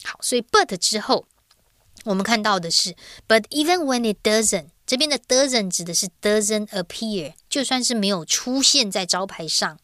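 A woman with a Taiwanese Mandarin accent teaching grammar in a lively way, drawing out her sentence endings. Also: mid-range voice, normal speed, no room sound, clean studio sound. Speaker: Chinese teacher.

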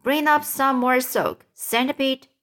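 A woman reading aloud and voicing a brave, quick-thinking young boy who gives urgent commands. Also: high voice, steady tone, fairly bright tone, voice pushed up.

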